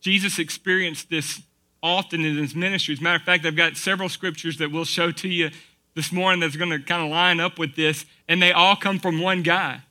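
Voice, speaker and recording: A man's voice: a little high, fairly even intonation, brisk, pushed and bright. A man preaching a sermon in a conversational, folksy way, asking the congregation rhetorical questions. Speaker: pastor.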